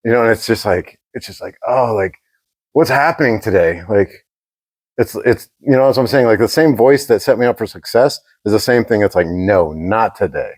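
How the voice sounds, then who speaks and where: A man's voice: medium pitch, a little fast, a little mellow, no echo. A man co-hosting a podcast, telling a rambling, profane story in casual chat. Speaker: podcast co-host.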